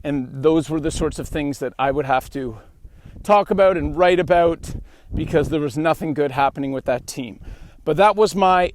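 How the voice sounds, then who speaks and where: Young Canadian man, podcast host, storytelling monologue, lively, higher-pitched read. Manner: animated, acts out quoted dialogue.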